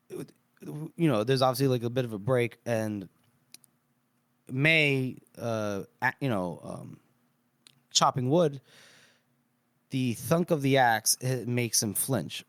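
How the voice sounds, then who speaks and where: A man's voice: medium pitch, slow, pauses often, fairly bright tone, no room sound. Man recapping a plot, dry close sound. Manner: recaps the plot, hesitant with many "uh"s. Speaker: podcast co-host. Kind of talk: casual book discussion.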